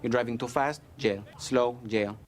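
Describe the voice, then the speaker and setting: A man's voice: medium pitch, measured pace, lightly acted. Man doing stern jail-happy guy, exaggerated put-on Spanish accent, curt lines, crowd noise behind. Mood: stern, mock-serious.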